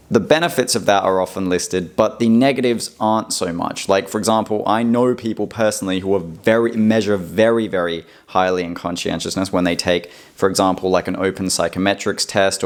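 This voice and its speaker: A man's voice: low-pitched, steady tone, moderate pace. A man talking to camera in a casual, reflective personal monologue, rambling with many fillers and restarts. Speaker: vlogger.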